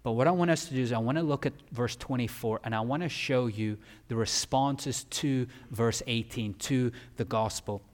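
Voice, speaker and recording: A male pastor preaching a sermon emphatically, swinging from loud peaks down to quiet. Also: medium pitch, normal speed, few pauses. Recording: long hall reverb.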